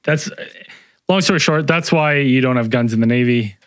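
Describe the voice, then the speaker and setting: A man's voice: medium pitch, moderate pace, fairly bright tone, clear, resonant tone, dry recording, studio quality. A man in casual podcast chat, teasing and joking, swearing now and then.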